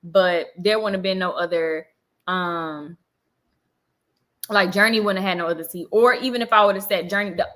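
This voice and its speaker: A young woman tells a story straight to a phone camera on a live chat. Her voice is bright and forward, and she jumps into little acted-out quotes, slipping in plenty of fillers along the way. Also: fairly low pitch, moderate pace. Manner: animated storytelling, acting out quotes, frequent fillers.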